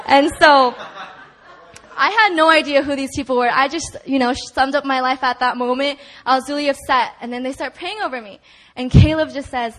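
A young woman with a high voice tells her personal testimony at a church prayer meeting. She talks in a chatty, casual way, filling her sentences with "like" and "you know." She laughs often while she tells it. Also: normal speed, a bit bright. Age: young adult. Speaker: church member giving testimony.

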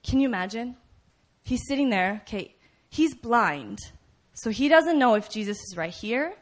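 Animated woman preaching a sermon. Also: a little high, normal speed. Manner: animated storytelling, acts out voices and shouts; conversational, frequent "right?" asides.

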